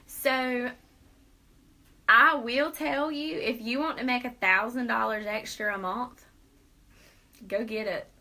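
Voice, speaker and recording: Bright upbeat woman hosting live. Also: fairly high pitch, steady tone, takes it slowly, long pauses, low-quality recording. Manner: upbeat, persuasive, laughs often. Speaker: host. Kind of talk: live video Q&A chat.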